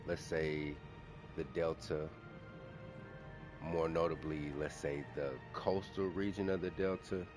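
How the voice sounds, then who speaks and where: A man's voice: rumbling low, little pitch movement, slow pace, long pauses, over music. A man talking casually on his own channel, rambling with restarts and self-corrections as he goes. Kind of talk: casual solo commentary.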